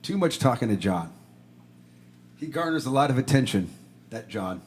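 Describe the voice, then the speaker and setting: A man hosting a live stream, reading viewer comments in casual chat, joking and breaking into shouts and snatches of song. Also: medium pitch, moderate pace, a little hiss or hum. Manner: animated, jokey, shouts and sings bits.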